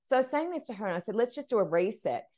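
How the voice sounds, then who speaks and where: A woman's voice: mid-range voice, racing. A woman who works as a medium, telling stories in a casual podcast chat and acting out the voices of people in them. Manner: animated, acts out quoted voices.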